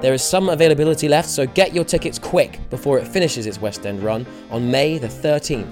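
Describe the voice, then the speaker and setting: A man co-hosting a podcast, chatting casually and playfully, with gushing excitement. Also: medium pitch, brisk, soft background music. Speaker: podcast co-host. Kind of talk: casual chat and show outro.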